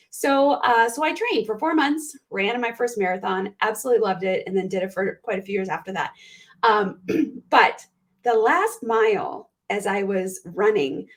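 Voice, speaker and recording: A woman guest on an interview show, a performance coach telling heartfelt stories in an animated way and often clearing her throat. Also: medium pitch, moderate pace. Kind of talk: conversational interview.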